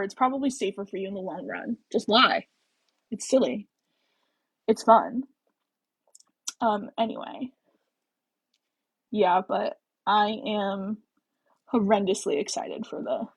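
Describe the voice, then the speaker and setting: Young American woman hosting a casual book livestream, breathy voice, rambling chat, dry close sound. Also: mid-range voice, no room sound, poor audio. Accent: general American. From American Midwest. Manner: rambling, heavy on fillers, swears casually. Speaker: book club livestream host.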